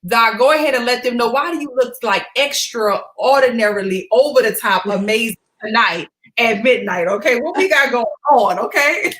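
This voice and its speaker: A woman's voice: fairly high pitch, normal speed, hardly any pauses, fairly bright tone. A woman hosting a late-night livestream, upbeat and chatty, rallying her viewers. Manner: upbeat, hype-building, calls out to viewers. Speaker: livestream host. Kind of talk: casual livestream chat.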